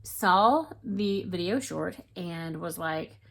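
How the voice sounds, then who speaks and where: A woman, a crochet vlogger rambling excitedly in casual chat to her viewers. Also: fairly low pitch, slow pace, vocal fry. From Florida, US.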